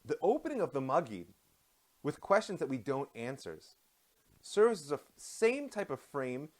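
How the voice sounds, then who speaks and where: Fast-talking man teaching a live online class. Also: on the high side. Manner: animated, quick, self-deprecating asides. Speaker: rabbi and teacher.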